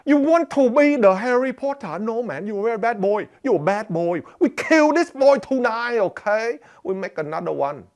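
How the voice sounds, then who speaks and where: An angry middle-aged father, played by a man shouts in loud exasperation at his son. His voice is high and jumps around a lot. The scolding is exaggerated and comic. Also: lively intonation, normal speed, few pauses. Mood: exasperated.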